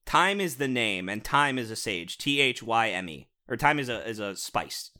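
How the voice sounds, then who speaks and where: A man's voice: mid-range voice, sing-song, normal speed, bright, forceful tone. A young man co-hosting a podcast, ranting sarcastically about cartoons with lots of swearing. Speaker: podcast co-host reviewing cartoons. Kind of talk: casual comedic rant.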